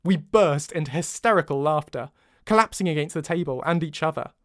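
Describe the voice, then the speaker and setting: An English man, the author, narrating his own audiobook in an expressive way with joking asides. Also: a little high, brisk, dry recording, clean studio sound. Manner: lively, expressive, jokes between takes. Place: home recording booth.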